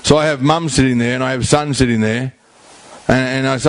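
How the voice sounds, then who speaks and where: A middle-aged Australian man addresses a community forum in a blunt, colloquial way. He leans on repetition and slangy phrasing to drive his points home, and his voice sits at an ordinary middle pitch for a man. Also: steady tone, a little fast, dry recording. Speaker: rehab house founder speaking at a community forum. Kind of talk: blunt public talk.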